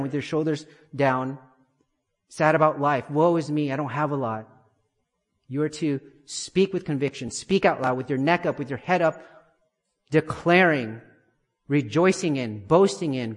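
A man preaching an expository sermon, emphatic and building to forceful declarations. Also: on the high side, long reverb tail.

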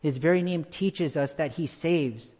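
A pastor preaching a sermon to his church, repeating key phrases for emphasis and slowing down to stress them. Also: fairly high pitch, mellow. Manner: slows down for emphasis. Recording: long hall reverb.

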